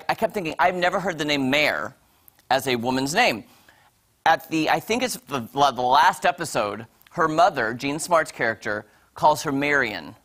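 Chatty, gushing woman reviewing TV. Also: deep voice. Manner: gushing, chatty, animated asides. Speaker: entertainment reviewer on a morning show. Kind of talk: casual TV review chat.

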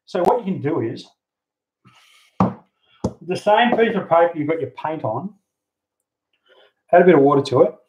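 A man talks through his hobby project in a loose, easygoing way, swearing now and then as he works. His voice sits a touch high for a man. The sound is dull and lo-fi, picked up by a handheld camera. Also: normal speed, long pauses. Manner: relaxed, chatty, mildly profane, talks while working. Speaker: hobby model builder, channel host. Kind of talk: casual how-to crafting chat. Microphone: handheld camera mic.

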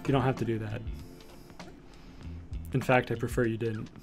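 A man streaming from home in casual chat, rambling with lots of fillers and cooing softly at his cat. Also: medium pitch, level tone, moderate pace, faint music behind.

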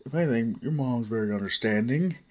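A man's voice: medium pitch, a little fast. A man narrating a fan story in a loose, conversational way, full of fillers and restarts.

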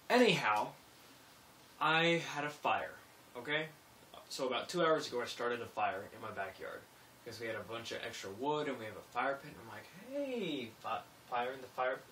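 A young man vlogging casually, rambling and self-mocking, swinging between low mumbles and sudden loud bursts. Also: a little hiss or hum. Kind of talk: casual vlog monologue. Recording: roomy echo, a bit distant from mic.

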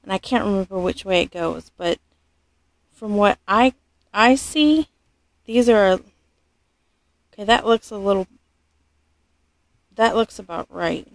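A woman doing a casual unboxing vlog as a doll collector. She gushes, rambles and corrects herself, and often drops to a soft near-whisper. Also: medium pitch, animated, a little slow, gravelly, pauses often, no room sound.

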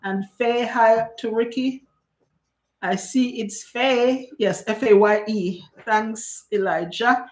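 A woman's voice: a little high, slow pace, darkish tone. A woman hosting a live cooking stream, chatting and greeting viewers by name as she reads their comments. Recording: echoey room.

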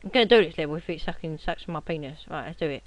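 A young man giving casual gameplay commentary at his computer, rowdy and swearing, often yelling at the game. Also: on the high side, fast, dry recording. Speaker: gaming commentator.

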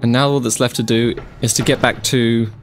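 A man's voice: medium pitch, fairly even intonation, fairly quick, a little hiss or hum. A man commentating his own gameplay, chatty and easily spooked, with panicked yelps and repeated phrases when scared. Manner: jumpy, panicky outbursts and yelps. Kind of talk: let's play commentary.

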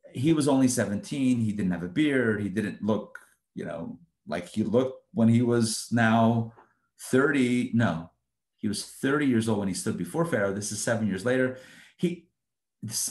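A man, a rabbi, teaching an informal live Torah lesson in an animated, conversational way, often acting out the quotes. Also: mid-range voice. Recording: roomy echo.

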